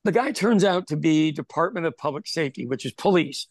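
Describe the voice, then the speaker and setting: A man who owns a pub, telling an animated story in casual chat, acting out what people said and swearing freely. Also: on the high side, fairly quick, no room sound, clean studio sound. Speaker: podcast host telling a story; pub owner.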